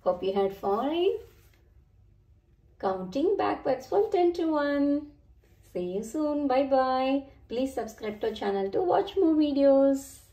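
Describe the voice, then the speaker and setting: Woman storybook reader, high sing-song voice, unhurried. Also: lively intonation, warm tone, dull audio. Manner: slow, sing-song, addressing children. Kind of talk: children's read-aloud narration.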